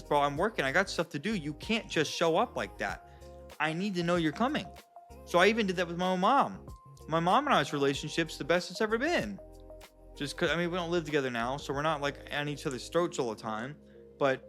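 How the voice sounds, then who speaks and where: A man's voice: on the high side, a bit bright. A man giving blunt, casual advice straight to his viewers, calling them guys and bro. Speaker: self-help vlogger. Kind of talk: casual direct advice to camera.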